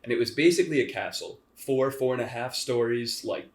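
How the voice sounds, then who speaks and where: A young man co-hosting a podcast, telling stories in a relaxed, wry way. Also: mid-range voice, brisk. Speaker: podcast co-host. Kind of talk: casual chat. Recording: echoey room.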